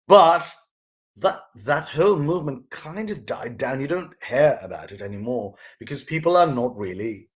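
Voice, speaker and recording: A man hosting his own vlog, talking through a life lesson in a casual, rambling, earnest way with frequent restarts. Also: mid-range voice. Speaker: vlog host sharing his mother's lessons. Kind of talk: casual reflective monologue.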